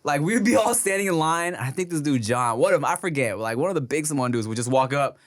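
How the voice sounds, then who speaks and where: A man in his thirties hosts a casual podcast, playfully teasing and asking questions. His voice sits a bit high and jumps around expressively. The recording is dry and close. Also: lively intonation, fast talker, no room sound. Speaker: podcast host.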